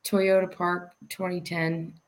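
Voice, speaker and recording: A man's voice: high voice, flat delivery, slow pace. A man chatting casually, rambling through stories with many fillers and frequent laughs. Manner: rambling storyteller, laughs often. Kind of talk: casual chat.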